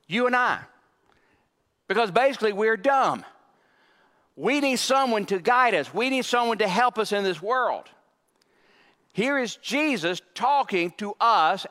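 A bright, high-pitched male pastor preaches with emphatic, drawn-out phrasing and dry asides. His voice rings through a church sanctuary with a long, lingering reverb. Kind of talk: sermon. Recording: long reverb of a large hall.

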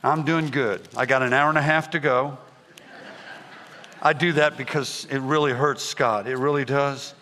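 A man's voice: mid-range voice, moderate pace. A man preaching a revival sermon, calling out to the congregation again and again. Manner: energetic, repetitive calls to the congregation. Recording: long hall reverb.

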